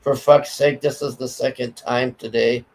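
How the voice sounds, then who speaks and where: A man's voice: mid-range voice, level tone, moderate pace, darkish tone, rough recording. A man ranting in a casual, profane way, telling a story bluntly and often stammering as he goes. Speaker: commentary streamer.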